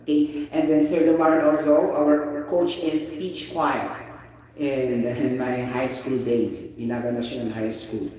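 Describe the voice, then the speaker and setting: A man's voice: mid-range voice, measured pace. Echoey Filipino man teaching vocabulary. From Philippines. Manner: animated, repeats "you get the point" and "things like that". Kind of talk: informal online vocabulary lesson. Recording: very echoey room, voice distant from the mic.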